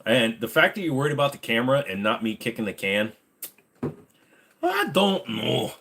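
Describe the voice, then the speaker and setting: A man's voice: mid-range voice, fast, pushed and bright, a little hiss or hum. A man hosting a casual livestream, joking and rambling straight to his chat, a little short of breath. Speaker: livestream host. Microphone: desk microphone.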